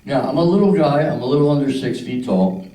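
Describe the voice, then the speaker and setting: A man's voice: mid-range voice, expressive, a little fast, warm tone, echoey room, recorded from a distance, poor audio. An older man from Philadelphia doing a crude stand-up routine, acting out the people in his stories. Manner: crude storytelling with voices for characters. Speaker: stand-up comedian. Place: club stage.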